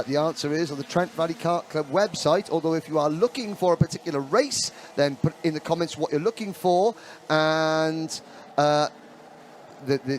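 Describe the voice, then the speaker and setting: A man calls a kart race live in a high, bright voice. He chats easily between moments, then speeds into excitable bursts when the action picks up. There is a faint hiss of noise behind him. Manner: chatty, excitable, rapid bursts of call. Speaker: race commentator. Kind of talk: live motorsport commentary.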